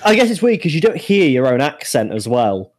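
A man's voice: fairly high pitch, big pitch swings, brisk, slight background noise. A man with a Shropshire accent, chatting casually and jokingly as a podcast co-host. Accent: Shropshire English. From Shropshire, England. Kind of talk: casual chat.

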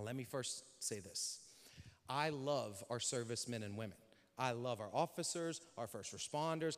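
Animated high-voiced male preacher. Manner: animated, acts out dialogue with shouts. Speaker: pastor. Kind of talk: storytelling sermon. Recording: long hall reverb.

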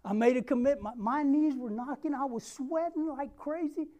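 A young man preaching a sermon, telling a personal story and acting out the dialogue with lively energy. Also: extremely high pitch, normal speed. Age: young adult. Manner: repeats a rallying question.

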